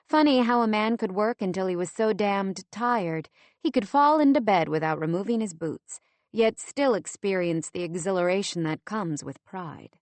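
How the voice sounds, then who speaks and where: Steady woman audiobook narrator. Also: medium pitch, dry recording. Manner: steady, measured storytelling. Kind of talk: scripted narration.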